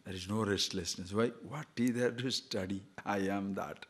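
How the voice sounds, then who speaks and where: A man's voice: on the low side, moderate pace, breathy edge. A man giving a spiritual discourse, telling jokes and short stories, repeating phrases and asking listeners questions. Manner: lively, repetitive, jokes and chuckles, asks listeners questions. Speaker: spiritual teacher.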